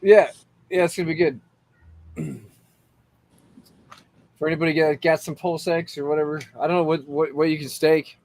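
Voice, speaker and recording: A man's voice: a little high, fairly even intonation, moderate pace, long pauses, a little mellow. A man in casual chat who mostly reacts with short remarks and jokes.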